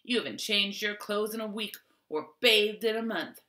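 A woman voicing a coarse frontier man with a hoarse voice in a storybook reading. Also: medium pitch, normal speed, pushed and bright, roomy sound, close to an everyday voice. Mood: gruff.

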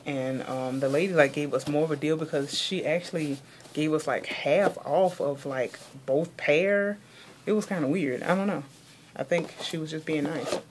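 A young Southern American woman rambles chattily through a haul vlog, packing her talk with "like." Her low-pitched voice moves at a moderate pace, and there's a little hiss or hum.

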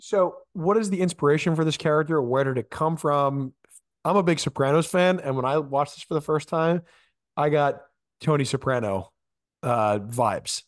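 A man's voice: on the high side, normal speed, dry recording, studio quality. Easygoing male podcast host. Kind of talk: casual interview.

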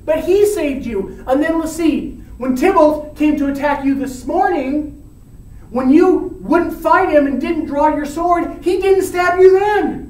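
A woman's voice: high voice, lively intonation, unhurried. A woman voicing an exasperated older male friar who lectures and scolds with urgency. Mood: scolding. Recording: roomy, from far off.

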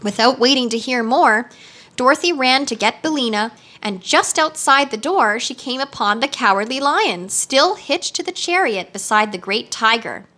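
A woman reading a children's storybook aloud with steady, clear narration. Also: a little high, moderate pace. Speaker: reader.

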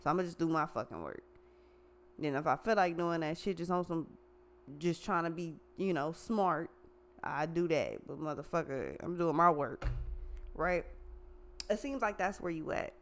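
A woman's voice: low-pitched, normal speed, pauses often. Blunt cussing woman doing a chill tarot reading, slangy. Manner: profane, blunt, slangy and animated. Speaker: tarot reader.

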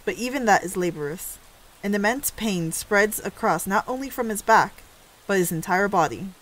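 A woman's voice: mid-range voice, lively intonation, moderate pace, fairly bright tone. A woman narrating a story game aloud, reading dramatically and breaking in with reactive asides.

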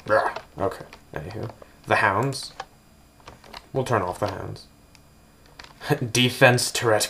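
A man with a very deep voice rambles through a casual tour of a game build, tossing out jokes and goofy asides as he goes. Faint keyboard clicks and typing sit under his voice. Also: takes it slowly, creaky, long pauses, background noise. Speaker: gameplay video host.

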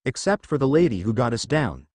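A hot-headed superhero leader barks orders, as a man reads him out. The pitch swings widely and the recording is dry and close. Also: sing-song, brisk, darkish tone, no room sound. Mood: enraged.

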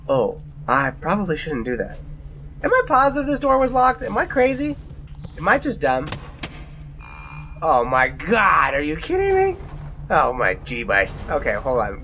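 A man's voice: fairly high pitch, creaky, a bit bright, slight background noise. A young man playing a horror game, jumpy and exclaiming, often mocking himself. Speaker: let's play gamer.

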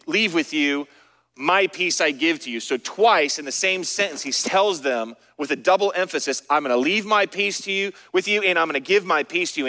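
A middle-aged man preaching a sermon as pastor, his voice bright and fairly high for a man. He speaks earnestly, sinking to soft, hushed tones in tender moments. The sound carries the long reverb of a church hall. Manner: earnest storytelling, dropping to soft, hushed delivery in emotional moments. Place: church sanctuary.

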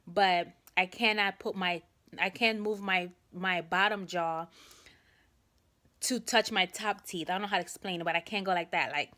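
Her voice sits at medium pitch with a sharp tone. Vlogging to camera, this young woman chats through a rambling story, addressing viewers as "guys," while a sore jaw leaves her struggling to open her mouth and speak.

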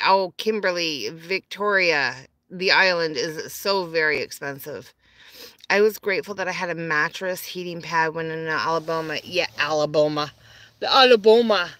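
A woman's voice: medium pitch, bright, forceful tone, no echo. A woman from Canada, chatting on a live stream from her phone, greeting viewers and answering their comments. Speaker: vlogger.

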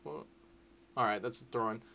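A young man giving casual, excitable, sweary commentary over a football management game. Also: mid-range voice, moderate pace, vocal fry. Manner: excitable, sweary, shouts at the screen. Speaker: gaming YouTuber.

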